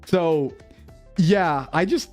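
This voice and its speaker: Talking extremely slowly, this male VTuber has a fairly high, a little mellow voice, with soft music in the background. He chats casually on his live stream via a desktop mic, laughing and getting flustered as he defends himself.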